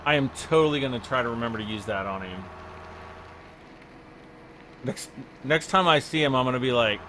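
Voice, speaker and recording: A man's voice: medium pitch, animated, a little fast, bright, forceful tone, slight background noise. A man doing casual livestream commentary over a farming game, giggly and rambling, often losing his train of thought. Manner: giggly, easily cracks up laughing. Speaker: game streamer.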